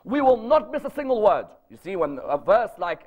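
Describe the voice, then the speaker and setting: A man's voice: high-pitched, very animated, fairly quick, hardly any pauses, a little mellow, muffled recording. A man preaching to a live audience, emphatic and storytelling, firing rhetorical questions. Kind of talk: religious lecture to a live audience. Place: lecture gathering.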